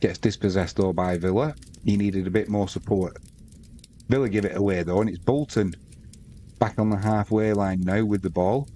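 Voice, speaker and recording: British bloke doing casual football commentary, lowish mellow voice, bit of faint background noise. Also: male voice, moderate pace. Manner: chatty, casual asides to viewers between play calls. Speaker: sports commentator.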